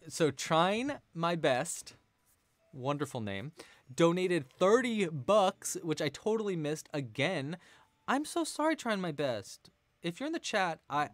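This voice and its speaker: A man's voice: fairly high pitch, no room sound. A man hosting a live crochet tutorial stream, chatting casually, thanking donors and answering the chat. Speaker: crochet livestream host.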